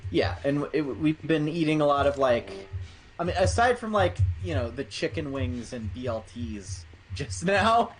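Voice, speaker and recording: A man's voice: fairly high pitch, unhurried, soft background music, rough recording. Jokey man chatting casually on stream. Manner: jokey, animated storytelling. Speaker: streamer's friend. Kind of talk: casual chat.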